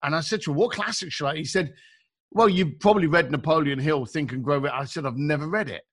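A man with a fairly high voice and a bright, forceful edge. He talks as a guest in a relaxed chat, chatty and animated, slipping into the voices of the people he quotes and using plenty of informal slang. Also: fast. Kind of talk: casual storytelling.

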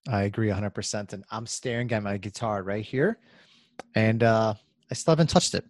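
Low-voiced man, dry sound. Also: moderate pace, dry recording. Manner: supportive listener with short replies. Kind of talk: casual chat.

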